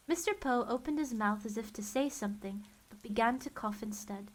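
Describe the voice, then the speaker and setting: A woman's voice: a little high, brisk, few pauses. A woman reading a children's novel aloud as narrator in a wry, dry tone. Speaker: storyteller. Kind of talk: audiobook-style book reading.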